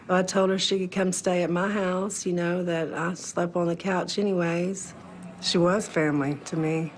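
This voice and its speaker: A woman's voice: low voice, a little hiss or hum. A woman in an interview, recalling a close friend in a conversational way with casual fillers. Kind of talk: interview recollection. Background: music.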